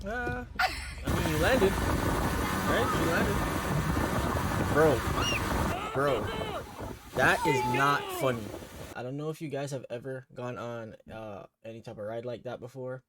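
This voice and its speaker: A man's voice: medium pitch, animated, unhurried, long pauses. A man hosting a casual reaction video, laid-back, swearing freely and laughing often. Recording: loud background noise.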